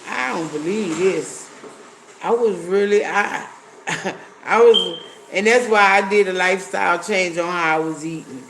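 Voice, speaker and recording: A man's voice: high voice, a little slow, a bit bright, slight background noise. A man chatting casually on a livestream, blunt and profane, reading viewer comments aloud. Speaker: livestream host.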